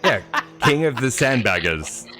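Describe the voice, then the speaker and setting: A man's voice: medium pitch, sing-song, unhurried, pushed and bright, faint music behind. A man commentating a sim race live, joking and teasing his co-host. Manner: jokey, playful teasing.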